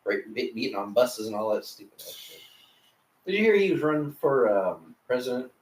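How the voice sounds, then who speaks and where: A man's voice: medium pitch, sing-song, fairly quick. A young man co-hosting a podcast in a laid-back casual chat, swearing freely and restarting his sentences. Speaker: podcast co-host. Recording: echoey room, mic at a distance.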